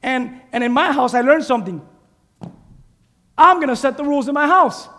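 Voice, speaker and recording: A male pastor preaching an animated sermon, exhorting and calling out to his congregation. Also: extremely high pitch, moderate pace, big-room sound. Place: church sanctuary.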